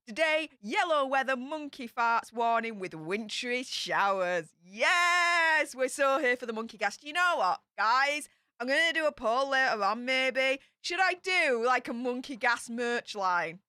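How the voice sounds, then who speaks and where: Hosting a YouTube livestream, a Yorkshire-born woman with a Yorkshire accent chats easily and welcomes each viewer individually, bubbly and talkative. Her slightly high voice is sharp, clear and resonant, captured in a dry, clean studio recording.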